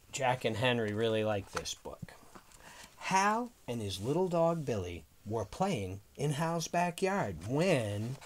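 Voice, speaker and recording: A man teacher reading picture books aloud to young children in an animated storytelling manner. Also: mid-range voice, a little hiss or hum. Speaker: preschool teacher.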